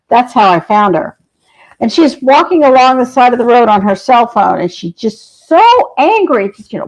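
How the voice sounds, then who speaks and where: Earnest higher-voiced woman telling stories. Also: animated, poor audio. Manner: earnest, compassionate, unhurried. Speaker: shaman guest. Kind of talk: earnest podcast storytelling.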